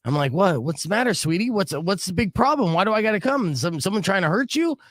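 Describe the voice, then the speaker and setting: Animated, lively male radio host storyteller. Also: high-pitched, fast talker, no room sound, clean studio sound. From Arizona. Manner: animated storyteller, acting out quoted voices. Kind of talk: casual storytelling on a radio show. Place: radio studio.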